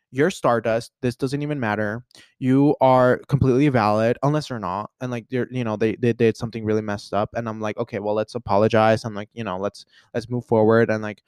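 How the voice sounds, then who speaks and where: A man's voice: medium pitch, a little mellow, clean tone, no echo, clean studio sound. A young American man hosting a casual solo podcast, rambling along with lots of "like" and restarts in a playful way. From United States. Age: young adult. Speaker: podcast host.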